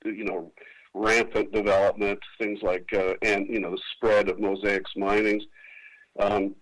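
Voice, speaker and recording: A man's voice: fairly low pitch, little pitch movement, measured pace, rough recording. A man running for office, answering at length in a casual radio interview with many restarts and fillers. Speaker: political candidate. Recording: radio broadcast.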